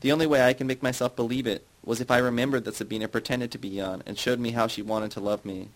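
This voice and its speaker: A man's voice: medium pitch, fairly even intonation, fast, natural voice, poor audio. A man reading the part of a middle-aged woman who confesses old memories, then turns sarcastic and provoking. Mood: confessional.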